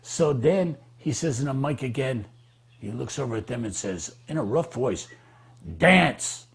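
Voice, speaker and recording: A man telling a personal memory in an animated, halting way, with many fillers and restarts. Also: medium pitch, creaky, husky. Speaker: devotee recalling memories. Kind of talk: animated storytelling.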